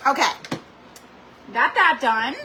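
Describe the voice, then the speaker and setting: Speaking slowly in a high-pitched voice, a woman hosts a craft livestream full of dramatic, animated chatter and frequent "like"s. The recording is rough, taken on a computer or camera mic, with slight background noise.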